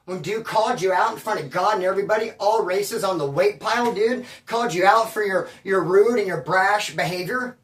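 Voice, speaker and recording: A man telling a casual story in an animated, slangy way, calling people bro and dude and stumbling over restarts when he gets worked up. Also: high-pitched, a little fast, hardly any pauses, recorded from a distance. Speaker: storyteller recounting prison life. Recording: roomy echo, voice away from the mic.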